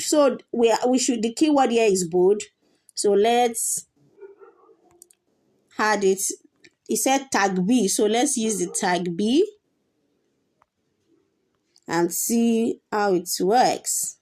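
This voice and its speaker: A woman walks through a coding tutorial at an unhurried, deliberate pace. Her voice sits a little high, and she explains patiently, repeating points and pausing on fillers as she goes. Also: darkish tone. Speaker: coding teacher. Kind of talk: screen-share coding tutorial.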